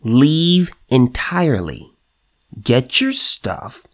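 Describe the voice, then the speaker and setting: A man's voice: medium pitch, unhurried, darkish tone. A man hosting a solo commentary show, talking emphatically, repeating himself and restarting, and reading news items aloud.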